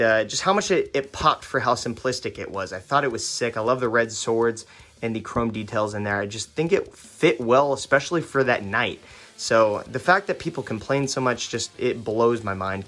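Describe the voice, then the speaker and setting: Young male host, casual collector review, rambling, stuttery, lots of ums, mid pitch. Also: fairly bright tone. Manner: rambling with many fillers and restarts. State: stuttering, foggy after a fight. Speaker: toy collector reviewing action figures.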